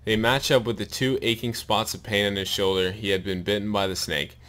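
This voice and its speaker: A man's voice: fairly low pitch, a little fast. Man reading aloud with a sore mouth. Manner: steady read-aloud narration with pained asides. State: sore, bleeding mouth after wisdom tooth removal. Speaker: storyteller reading a long joke.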